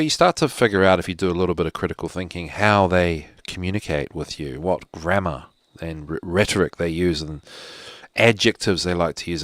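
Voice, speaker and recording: A man with a fairly low voice hosts a live stream from a room at home, rambling loosely and slipping into jokes. The sound is dry and close, with no room echo. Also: fairly bright tone. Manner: rambling, joking asides. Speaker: host of a live show. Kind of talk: casual rambling livestream talk.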